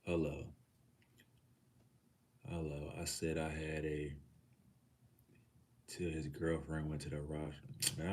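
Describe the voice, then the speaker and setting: Hosting a livestream, a middle-aged man from Texas talks loosely with his chat in an extremely low, darkish voice. He swears freely and addresses viewers as nephew.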